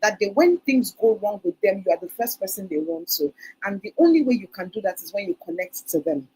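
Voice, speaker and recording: A woman's voice: mid-range voice, sing-song, fairly quick, dark tone, husky, poor audio. A woman giving a parenting talk at a conference, telling stories and acting out parents' words. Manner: storytelling, acts out parents' quotes. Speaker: conference speaker. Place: conference hall.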